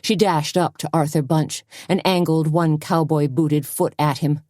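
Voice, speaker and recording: A woman narrating a cozy mystery audiobook in an expressive storytelling manner. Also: deep voice, a little slow, no echo, clean studio sound. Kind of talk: scripted narration.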